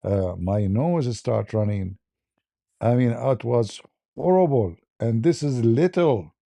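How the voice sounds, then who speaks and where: Gravelly dark-voiced man chuckling through a story. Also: medium pitch, expressive, slow, no echo. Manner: chuckling, broken English, many restarts. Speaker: host. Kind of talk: casual storytelling on a live stream.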